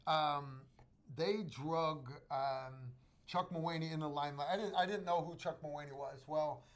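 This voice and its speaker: Chatty American man telling a story. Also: on the high side. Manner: rambling, halting storyteller with many restarts. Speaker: host. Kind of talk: casual storytelling on a livestream.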